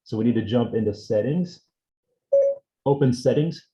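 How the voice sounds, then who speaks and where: A man leads an instructional demonstration at a seminar and talks through each step in an easygoing way. His voice is mellow and warm, with a roomy echo around it from an indoor room. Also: mid-range voice, normal speed. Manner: relaxed, explains step by step. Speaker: assistive technology instructor.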